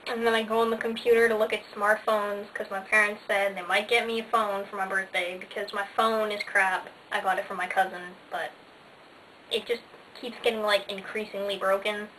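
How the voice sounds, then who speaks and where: A woman's voice: medium pitch, little pitch movement, normal speed, a bit bright. A teenage girl vlogging casually, bubbly and sarcastic, with lots of "like" fillers. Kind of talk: casual chatty vlog. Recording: faint hiss, slightly distant mic.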